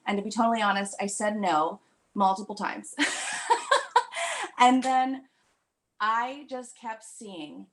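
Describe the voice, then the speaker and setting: Gushing, excited woman giving a testimonial. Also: medium pitch, normal speed, slight background noise. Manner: gushing, breathless enthusiasm. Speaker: new team member giving a testimonial. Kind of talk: emotional testimonial on a group call.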